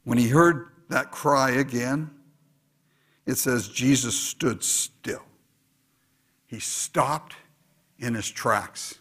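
A man preaching a sermon, dropping to quiet asides and rising to loud exhortation. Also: mid-range voice, drawn-out words, pauses often. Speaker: pastor.

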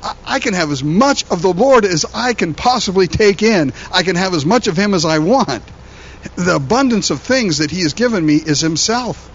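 A man who is a pastor, preaching a sermon in an animated, conversational way, often repeating words as he goes. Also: high voice, normal speed, breathy edge, muffled recording.

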